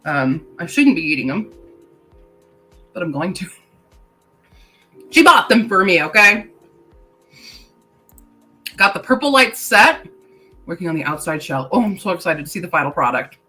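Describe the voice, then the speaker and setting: A woman's voice: lowish voice, sing-song, moderate pace, pauses often, pushed and bright, soft background music, low-quality recording. A woman hosting a casual writing-sprint livestream. She reads chat comments aloud, laughs often and talks while chewing candy.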